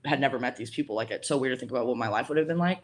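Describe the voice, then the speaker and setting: A woman's voice: very deep voice, rapid-fire. Chatty young woman telling a story. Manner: chatty, heavy use of "like", acts out quoted voices. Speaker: podcast guest, college debater. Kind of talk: casual storytelling chat.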